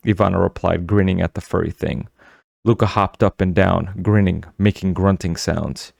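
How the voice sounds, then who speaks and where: Deep gravelly male audiobook narrator. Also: steady tone, normal speed, a little mellow, dry recording, studio quality.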